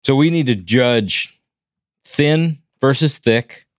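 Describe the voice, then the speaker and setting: A man's voice: mid-range voice, animated, slow, dry recording, studio quality. A man from the American South chatting casually and jokingly as a podcast host. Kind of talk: casual chat.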